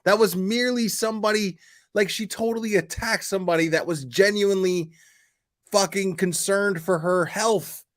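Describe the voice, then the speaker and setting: A man with a fairly high voice, talking off the cuff on a live stream. He rants with a lot of swearing and a mocking edge, stringing thoughts together with constant fillers. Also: normal speed. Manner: profane, mocking, lots of "like" and "you know". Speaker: livestream host. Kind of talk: casual live stream rant.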